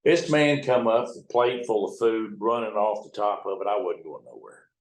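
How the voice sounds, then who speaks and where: A man's voice: fairly low pitch, lively intonation, moderate pace. An older man, a river captain telling folksy, salty stories in a casual way. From United States. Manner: folksy, profane, acts out the other people's lines in quotes. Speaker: retired river towboat captain. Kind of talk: conversational storytelling. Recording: roomy echo.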